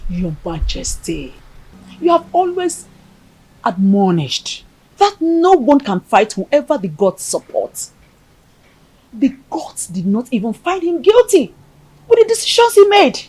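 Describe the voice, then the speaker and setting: A woman's voice: sits high, very animated, a little mellow, breathy edge, heavily acted, rough recording. A wise persuasive queen. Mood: pleading. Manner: persuasive, measured. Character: calm wise queen advising the king.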